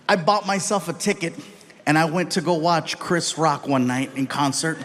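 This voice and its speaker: A middle-aged man telling a stand-up story in an animated, loud way, acting out each scene. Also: high voice, a little fast, very noisy. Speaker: stand-up comedian.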